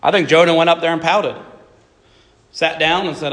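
A man preaching a sermon in a slightly higher-pitched voice, stacking short emphatic phrases and reading scripture aloud. His voice carries a long reverb, as in a large church sanctuary. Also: fairly even intonation, normal speed, long pauses, a bit bright. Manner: reads scripture aloud and voices Jonah's complaints in plain speech.

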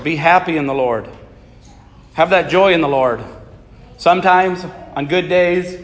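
Pastor guy preaching, slightly high voice, long church echo. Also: unhurried, long pauses. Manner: steady preaching, reading scripture aloud and explaining it. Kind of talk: sermon.

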